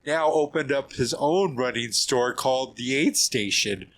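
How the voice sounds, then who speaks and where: A middle-aged man with an ordinary pitch tells his stories in an animated, lively way, stumbling and restarting often. A faint hiss of background noise sits under his voice. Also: measured pace, low-quality recording. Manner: animated, acts out quoted voices, frequent restarts and laughs. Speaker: podcast guest, trail runner. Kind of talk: casual storytelling interview.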